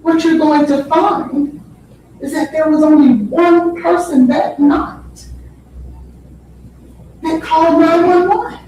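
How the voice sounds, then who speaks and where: Brief: female defense attorney, high voice, unhurried and pointed, heard from across a booming courtroom. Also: fairly even intonation, mellow, slight background noise. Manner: deliberate, emphatic, repeats phrases for effect. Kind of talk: courtroom opening statement. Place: large courtroom. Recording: very echoey courtroom audio from far off.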